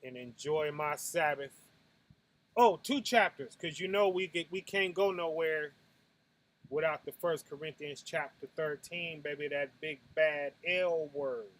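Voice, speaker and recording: A man with a high voice preaching at an unhurried pace, talking to listeners like friends in a casual sermon. He drops to a quiet murmur, then jumps into loud bursts and makes punching sounds, and keeps tossing in "right?" to his listeners. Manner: swings from low and soft to loud bursts. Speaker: preacher hosting a Sabbath night talk.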